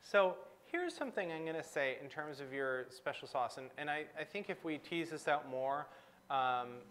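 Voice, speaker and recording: A man leads a live-streamed coaching conversation. His voice sits a little high and moves a lot in pitch. He mirrors his guest's words back to her and follows up with probing questions. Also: lively intonation, moderate pace, a bit bright, slight background noise. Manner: reflective, probing questions with frequent affirmations.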